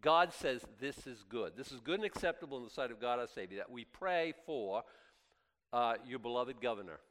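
A man preaching a sermon as pastor, impassioned and swinging from loud highs to quiet asides, often stammering and restarting. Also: animated, moderate pace. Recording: long hall reverb.

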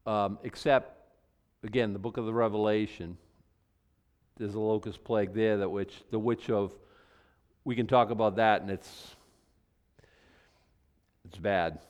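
A man's voice: medium pitch, a little mellow, clear, resonant tone. Man teaching scripture with folksy asides. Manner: reads scripture then jokes and comments conversationally; acts out mock apologies in voices. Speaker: preacher. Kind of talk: Bible teaching with casual asides.

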